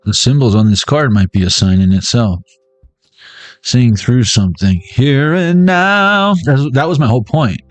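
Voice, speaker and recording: A man's voice: medium pitch, lively intonation, moderate pace, dry recording, soft background music. A man giving a casual pick-a-deck tarot reading, joking around in a playful, slangy way. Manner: playful and jokey, slangy banter. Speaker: tarot reader.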